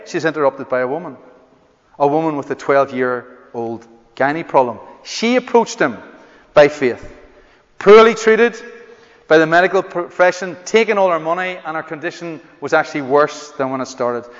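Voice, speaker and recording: A man preaching a sermon in a hall, reading a scripture passage and then explaining it with emphatic, drawn-out stresses. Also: on the high side. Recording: dull, echoey hall recording.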